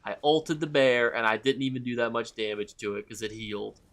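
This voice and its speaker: A man streaming a game live, chatting with viewers and reacting loudly and with swearing to the action. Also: mid-range voice, steady tone, brisk. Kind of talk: live gameplay commentary.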